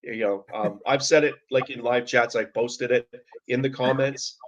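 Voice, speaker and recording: A man from Canada talks over a video call in a mid-pitched voice. The sound is dull and lo-fi. He speaks in an easygoing, friendly way as a guest. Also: fairly even intonation, moderate pace, slight background noise. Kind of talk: casual video-call chat.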